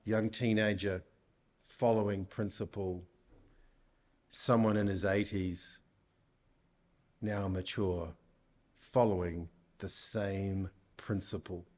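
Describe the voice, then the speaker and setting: Slow, deliberate male preacher. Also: sits low, steady tone, a little mellow. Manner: deliberate, asks the listeners rhetorical questions. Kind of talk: sermon. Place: church.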